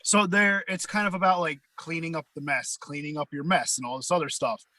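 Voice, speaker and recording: A man guesting on a podcast, explaining in halting bursts full of fillers. His voice is very bright and tense, and it is recorded dry and close with no room sound. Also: on the high side, steady tone, no room sound, poor audio. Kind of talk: casual chat.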